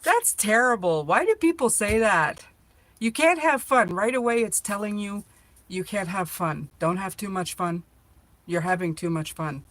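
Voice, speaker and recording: A woman's voice: mid-range voice, animated, normal speed, a bit bright. A middle-aged woman hosting a live tarot reading, chatty and playful, joking with viewers as she reads the cards aloud.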